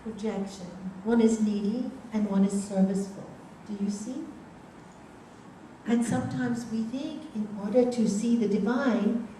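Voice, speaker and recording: Older woman spiritual teacher, mellow and a bit high, heard from afar in a very echoey room. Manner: storytelling, asks listeners rhetorical questions. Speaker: yoga and meditation teacher. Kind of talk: spiritual teaching talk with anecdotes. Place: large room, talk to a group. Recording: very echoey room, voice from far off, faint background noise.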